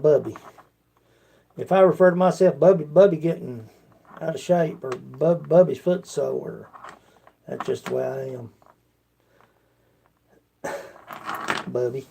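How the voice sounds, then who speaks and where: A man's voice: on the high side, vocal fry, warm tone, a little hiss or hum. A man with an Appalachian accent, chatting casually with his livestream viewers in a rambling, folksy way. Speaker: livestream host.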